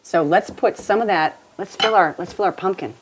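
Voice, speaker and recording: A woman's voice: fairly low pitch, moderate pace, noisy background. A woman hosting a cooking show in a home kitchen, chatting and joking her way through a recipe. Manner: chatty, playful, laughs often. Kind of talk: casual cooking demonstration.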